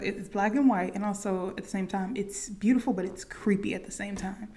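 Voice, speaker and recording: A woman's voice: medium pitch, darkish tone. A woman giving a casual, chatty recap of a movie's plot, full of "like" and "you know". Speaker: movie reaction youtuber.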